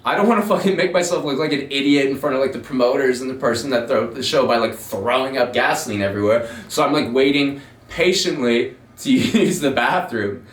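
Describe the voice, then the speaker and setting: A man's voice: medium pitch, brisk, reverberant, recorded from a distance. A man hosting his own show, telling a long personal story in a rambling, profane, self-mocking way. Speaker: podcast host telling a story. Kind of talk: casual storytelling monologue.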